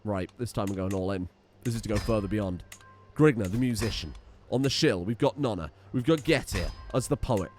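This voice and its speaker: A young man gives casual, excitable commentary over his gameplay, thinking aloud and swearing freely. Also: on the low side, brisk, soft background music. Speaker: let's play host.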